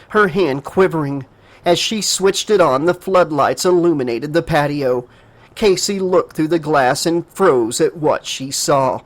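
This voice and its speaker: A man narrating a horror audiobook dramatically, raising his pitch for a frightened girl's lines. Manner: emotive reading, voices the girl in a higher pitch.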